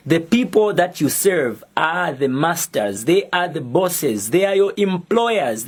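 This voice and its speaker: Slow, defiant Zambian man. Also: sits high, a little mellow. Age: young adult. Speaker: activist. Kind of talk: prepared public statement.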